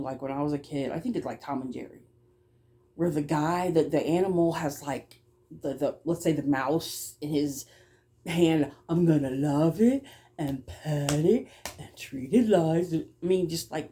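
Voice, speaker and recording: With a low, dark voice, a childcare provider recounts a story in a blunt, offhand way, cursing freely. She sometimes trips over her words and speeds up at moments.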